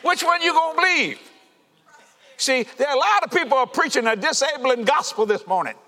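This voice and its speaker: A man preaching a fervent sermon to a congregation, shouting and laughing as he goes. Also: extremely high pitch, a little fast. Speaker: pastor. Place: church sanctuary. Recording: reverberant church hall.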